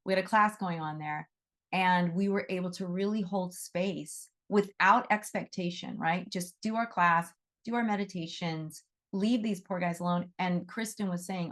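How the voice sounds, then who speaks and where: A woman's voice: lowish voice, moderate pace, a bit bright. A middle-aged woman giving a casual teaching talk to a class on animal Reiki. She is conversational and often checks in with "right?".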